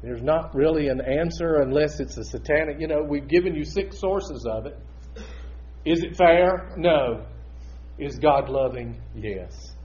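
A male pastor delivering a sermon, shifting between loud emphatic preaching and quiet, intimate asides. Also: fairly high pitch, unhurried, lo-fi sound.

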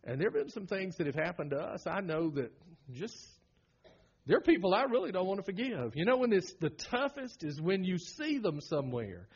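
A middle-aged man with a Southern American accent preaching a sermon as pastor, folksy and humorous, swinging from loud bursts to hushed lines. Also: sits high, very animated, brisk, slightly rough, lo-fi sound.

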